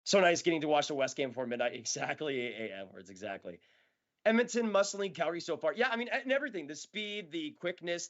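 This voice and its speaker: A chatty, excitable man hosting a live watch-along, talking casually over the action and laughing often. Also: on the high side, lo-fi sound.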